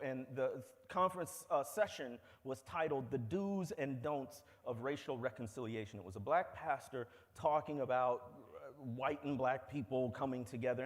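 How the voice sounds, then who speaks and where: A man giving a public talk, telling stories in a conversational, wry way. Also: mid-range voice. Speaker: speaker. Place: lecture hall. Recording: long hall reverb.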